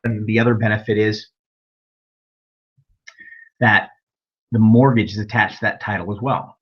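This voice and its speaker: Male webinar instructor, husky voice, folksy storyteller, muffled lo-fi audio. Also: lowish voice, fairly even intonation, moderate pace. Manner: folksy storytelling, acts out dialogue. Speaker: real estate investing instructor. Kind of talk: webinar lecture with anecdotes.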